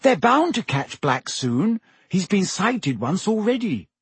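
A man's voice: high-pitched, big pitch swings, slow, slightly rough, no echo, pitched above the performer's own voice, full character voice. A man voicing a clever, earnest teenage schoolgirl in an audiobook, pleading and a bit bossy. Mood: reassuring. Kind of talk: audiobook character voice.

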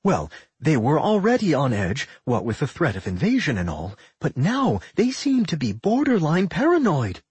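A man voicing a worried, sharp-minded female pixie who thinks aloud and scolds her partner. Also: a little high, wildly swooping pitch, moderate pace, hardly any pauses, breathy edge, no echo, pitched above the performer's own voice, exaggerated voice.

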